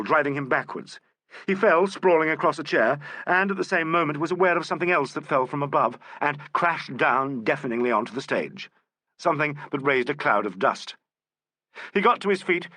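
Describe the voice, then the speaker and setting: Male audiobook narrator, expressive, lively pitch, bright tone, close dry mic. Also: no echo. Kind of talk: scripted novel narration.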